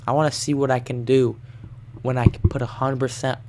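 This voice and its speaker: A young man vlogging, telling a wild story in casual slang with plenty of swearing and animated bursts. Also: medium pitch, brisk, slight background noise.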